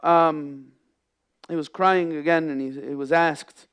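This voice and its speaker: A man delivering a Friday sermon in a mosque, impassioned, with loud emphatic peaks and hushed lows, weaving in Arabic phrases. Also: fairly even intonation, slow pace, clean tone. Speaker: imam giving a Friday sermon. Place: mosque prayer hall.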